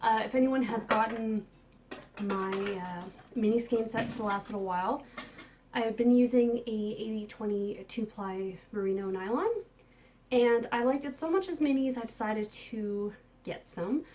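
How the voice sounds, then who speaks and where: A woman hosting a casual podcast, talking enthusiastically about yarn she has dyed and received, with soft muttered asides. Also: a little high. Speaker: podcast host and yarn dyer. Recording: distant mic with faint background noise.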